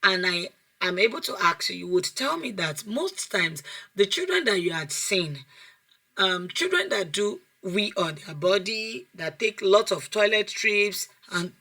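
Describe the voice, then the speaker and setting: A woman coaching an online class on a video call, with a bright, forceful tone. She talks in an animated way, throws rhetorical questions at her students and repeats key phrases to drive them home. Her pitch sits in the middle range. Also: measured pace. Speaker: child development coach.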